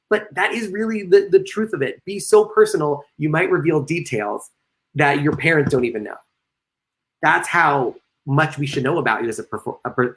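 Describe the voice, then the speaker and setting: A man giving a live-streamed lecture to performers, reading out chat comments and cracking joking asides as he goes. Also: fairly bright tone. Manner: joking asides, sudden playful jumps in pitch. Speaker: lecturer and comedian.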